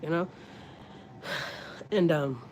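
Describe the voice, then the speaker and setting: A woman's voice: low-pitched, extremely slow, darkish tone, a little hiss or hum. A woman from Texas, a mother, talking candidly on a livestream in a rambling, profane way with many restarts. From Houston, Texas. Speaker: mother livestreaming to her channel.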